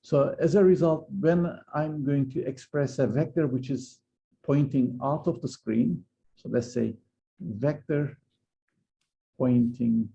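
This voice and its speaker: A man lecturing on physics in a very dark, gravelly voice. He explains patiently, pausing often and restarting his sentences. The recording sounds a bit dull and lo-fi. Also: mid-range voice. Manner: hesitant, many fillers and restarts while explaining. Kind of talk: university lecture.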